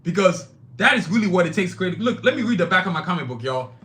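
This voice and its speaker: A man's voice: sits high, sing-song, fast, pushed and bright. A man hosting his own live-streamed podcast, talking emphatically and bluntly, with frequent profanity, straight to his chat. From Nigeria. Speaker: podcast host.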